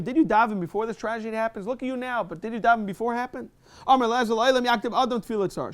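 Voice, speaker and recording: A man giving a fast Talmud class in a synagogue, reading Hebrew and Aramaic quotes and explaining them in English. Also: very high-pitched. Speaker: rabbi teaching Talmud. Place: synagogue study hall.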